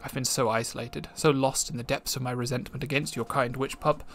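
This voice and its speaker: A man's voice: mid-range voice, steady tone, a little fast, fairly bright tone, faint music behind, close to an everyday voice. A man voicing an ancient, lonely male mountain spirit who speaks in a lofty, formal, scornful way. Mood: mournful.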